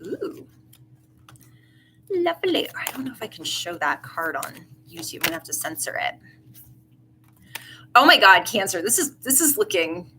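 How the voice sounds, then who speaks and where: A woman's voice: mid-range voice, sharp tone, a little hiss or hum, low-quality recording. A woman giving a casual live tarot reading, chatty and effusive with many asides. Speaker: tarot reader.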